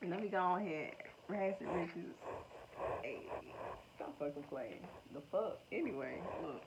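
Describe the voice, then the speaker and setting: A woman giving a casual tarot reading to her viewers, slangy, profane and excitable, laughing often. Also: lowish voice, measured pace. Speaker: tarot reader. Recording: dull lo-fi sound with faint noise.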